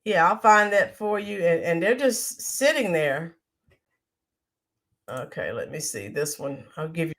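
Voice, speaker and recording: A woman's voice: lowish voice, lively intonation, a little slow, fairly bright tone. A woman hosting a live stream, reading viewer comments in an indignant, emphatic way. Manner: indignant, emphatic, mocking quotes. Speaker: livestream commentary host.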